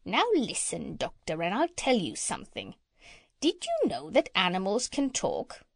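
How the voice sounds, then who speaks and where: A woman voicing a proud, clever female parrot who lectures briskly and breaks into high squawks. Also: wildly swooping pitch, creaky, slightly rough, dry recording, clean studio sound, full character voice. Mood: lecturing.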